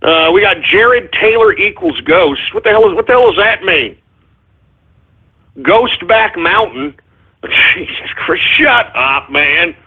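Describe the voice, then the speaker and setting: Male radio host, loud and mocking, given to profane outbursts, with a husky voice on a tinny phone-quality line. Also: high voice, takes it slowly. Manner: brash, profane and mocking, with sudden shouts. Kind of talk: live internet radio rant.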